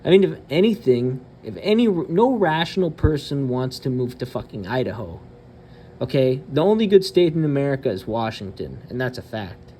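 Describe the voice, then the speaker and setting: In a warm, mid-range voice with lively intonation at a moderate pace, a channel host rants bluntly and swears frequently, pausing on hesitant fillers between points. A little hiss or hum sits under the recording.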